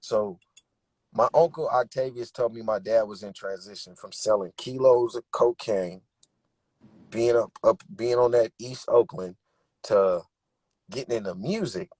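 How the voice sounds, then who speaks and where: Young male rapper, husky voice, dry close sound, emphatic streetwise storyteller. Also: lowish voice, a little slow, a little mellow, no echo. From Bay Area, California. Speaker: rapper and interview guest. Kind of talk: candid interview talk.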